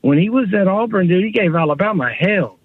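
A man's voice: high voice, animated, brisk, husky, dry recording. A man calling into a sports radio show, laid-back and slangy. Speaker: caller. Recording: tinny phone line.

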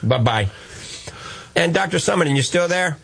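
A man's voice: a little high, animated, normal speed, vocal fry, a bit bright, slightly rough. A man with a New Orleans accent hosting a call-in radio show, talking in a folksy, reassuring and jokey way. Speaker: radio show host, doctor.

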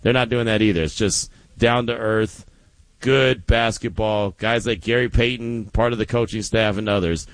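A middle-aged man hosting a sports radio show, chatting casually and telling stories in an animated way. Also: on the low side, moderate pace, no room sound. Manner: animated storytelling with laughs.

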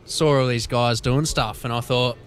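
A man's voice: mid-range voice, fairly even intonation, normal speed. A young Australian man, an apprentice electrician, chatting as a guest on live radio in a laid-back, easygoing way. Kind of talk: casual chat.

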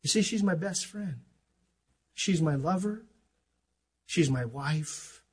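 An older man pastor preaching an impassioned sermon. He swings between loud declarations and quiet asides and acts out stories. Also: a little high, animated, takes it slowly, breathy edge. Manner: impassioned, rising and dropping sharply in volume, acts out stories.

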